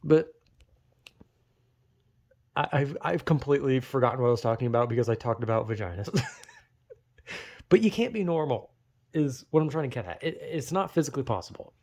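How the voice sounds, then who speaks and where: A man's voice: mid-range voice, lively intonation, brisk, pauses often, a little mellow. A young man talking alone in a loose, rambling way, swearing often and laughing at his own tangents. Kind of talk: casual rambling monologue.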